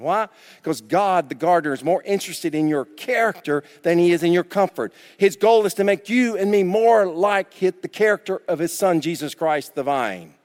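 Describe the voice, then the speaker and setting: A man preaching a sermon as pastor, emphatic and repetitive, dropping suddenly to quiet. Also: on the high side, in a large hall.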